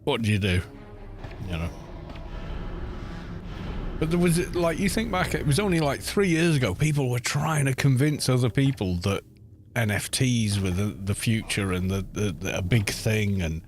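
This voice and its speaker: A man's voice: mid-range voice, expressive, normal speed. A man chatting casually while streaming a game, rambling and exasperated, often restarting his sentences. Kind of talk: casual chat while gaming. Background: faint background music.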